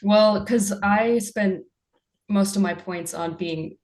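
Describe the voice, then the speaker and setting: Woman, tabletop player, casual chat, mid pitch. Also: slow, darkish tone.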